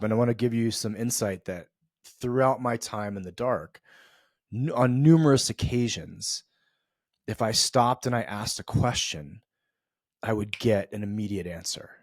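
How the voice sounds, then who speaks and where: A man's voice: on the low side, dry recording, studio quality. A middle-aged man from the US East Coast hosting a podcast, telling a reflective story in a loose, conversational way with many fillers and restarts. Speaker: podcast host.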